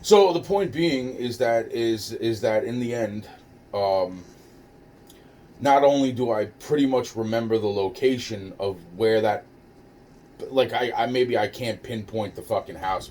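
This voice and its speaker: Rambling, profane man with a lowish voice. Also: a little hiss or hum. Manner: rambling, profane, frequent restarts and stammers; calm, low-key delivery. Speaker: storyteller recounting a personal ordeal. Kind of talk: casual spoken recollection.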